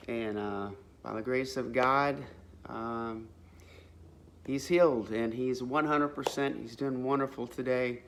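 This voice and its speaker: Man, casual storytelling, earnest, religious talk, gravelly, mid pitch. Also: steady tone, slow, slight background noise. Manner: earnest, rambling with frequent fillers and restarts; faith-filled, religious language. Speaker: vlogger sharing a testimony.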